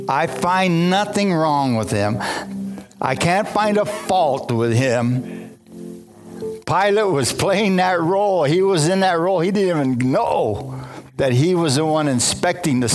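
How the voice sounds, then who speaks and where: A man's voice: fairly high pitch, expressive, slow pace. A man preaching a sermon, reading scripture aloud and breaking off into fervent commentary, often restarting his phrases. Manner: fervent, repeats and restarts phrases, asks the congregation. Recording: music playing behind.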